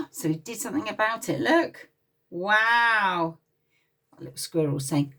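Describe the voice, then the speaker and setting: A woman's voice: medium pitch, far from the mic. A woman reading a picture book aloud to small children at playgroup, with an English accent, stopping often to chat and get them to join in. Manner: lively, expressive, pauses to talk to the children. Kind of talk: read-aloud storytime for young children.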